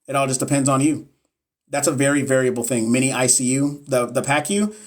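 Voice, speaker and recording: A man's voice: medium pitch, a little fast. A young man, a nurse educator on a casual live stream, answering viewers bluntly and with swearing, repeating himself for emphasis. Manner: blunt, profane, repetitive and emphatic.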